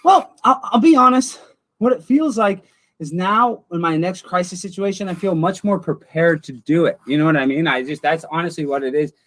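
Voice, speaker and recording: A man's voice: high-pitched, moderate pace, a bit bright. Mock-earnest man on an online call. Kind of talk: satirical comedy banter.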